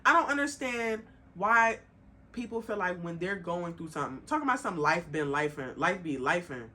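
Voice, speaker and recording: A woman's voice: medium pitch, normal speed. Blunt, fiery young woman ranting. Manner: blunt, emphatic, swears freely, rising heat then calming. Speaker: podcast host. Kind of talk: casual monologue.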